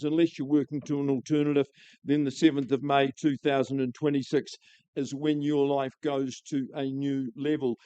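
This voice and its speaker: A man's voice: on the high side, mellow, clean tone, no room sound, muffled recording. A man with a New Zealand accent calling a live property auction, with a florid, enthusiastic sales patter.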